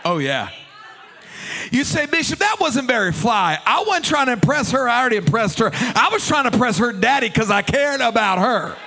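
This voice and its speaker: A male pastor preaching a sermon in an animated, playful way, joking back and forth with the congregation. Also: very high voice, a little fast, creaky, slight background noise.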